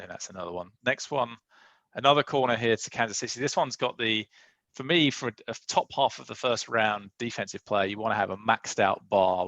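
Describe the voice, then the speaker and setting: Male host, low and gravelly, hesitant musing delivery, dry close sound. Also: a bit bright, no echo, low-quality recording. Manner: musing, hesitant, with many restarts and fillers. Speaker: league host leading a draft recap. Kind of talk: casual chat.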